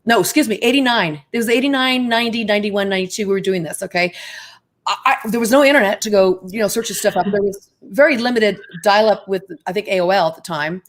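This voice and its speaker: A woman being interviewed as a guest, telling a story with excited emphasis and often speaking straight to her listeners. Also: medium pitch, quick pace. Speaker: guest, Ouija board expert.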